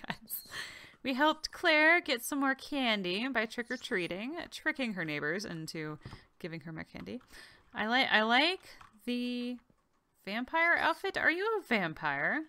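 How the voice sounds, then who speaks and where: A woman with a bright, slightly high voice talks her way through a game, chatting to the characters as she goes. Her pitch swings widely and she takes her time. She sometimes dips into soft whispered asides. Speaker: game video host. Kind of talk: casual gameplay commentary.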